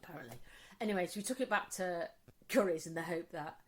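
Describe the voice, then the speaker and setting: A woman, co-hosting a casual podcast chat and telling sweary, animated stories. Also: lowish voice, quick pace. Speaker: podcast co-host.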